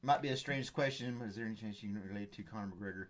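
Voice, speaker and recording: A man's voice: fairly low pitch, very fast. A man hosting a casual live stream, rambling and joking as he reads viewer comments. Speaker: host.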